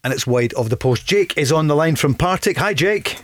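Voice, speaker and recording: A man hosting a radio football show, briskly taking calls and giving updates. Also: a little high, animated. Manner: brisk, takes calls and reads scores. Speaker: radio host. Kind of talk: radio sports talk show. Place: radio studio.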